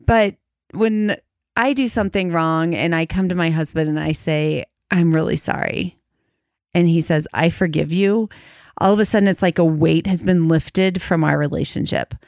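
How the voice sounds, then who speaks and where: A middle-aged woman talks through a podcast conversation in an earnest, reflective way. She slows down to lean on the words that matter most. Her voice sits a bit low, and the sound is dry and close with no room around it. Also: a little mellow, no echo. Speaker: podcast co-host. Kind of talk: casual conversation.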